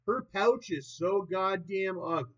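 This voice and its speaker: A man in his late twenties vlogging in a rambling, profane monologue that swings between loud and soft. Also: high voice, measured pace. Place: old property in the countryside. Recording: dull lo-fi recording.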